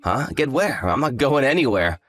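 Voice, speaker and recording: In a scripted story drama, a man voices an arrogant, hungover young fiancé who is dismissive and smug, speaking in a lazy, condescending, sarcastic way. His medium-pitched voice swings widely in pitch at a moderate pace and sounds a bit bright. The recording is dry and clean, studio-quality, with soft music in the background.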